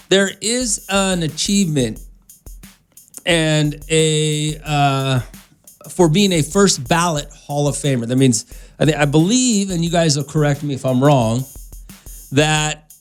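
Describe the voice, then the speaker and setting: A man's voice: fairly high pitch, lively intonation, slow pace, faint music behind. Easygoing male radio host. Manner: easygoing, rambling, laughs often. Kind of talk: casual morning radio chat.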